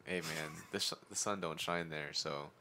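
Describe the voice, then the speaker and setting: A man's voice: extremely low pitch, steady tone, moderate pace, pushed and bright. A young man in crude casual chat with friends, drawling and ending lines with "bro".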